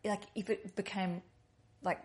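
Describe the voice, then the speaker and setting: A woman's voice: medium pitch, little pitch movement, measured pace, a little mellow. A woman hosting a podcast, chatting in a rambling, reassuring way. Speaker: podcast host. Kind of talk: casual chat.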